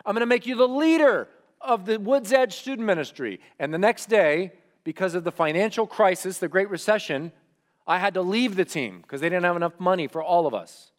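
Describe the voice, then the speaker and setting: A young male pastor tells a story from the pulpit, his voice sitting a little higher than most men's. He swings between loud, animated retelling and quiet, reflective asides as he preaches. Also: brisk. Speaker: student pastor. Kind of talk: sermon.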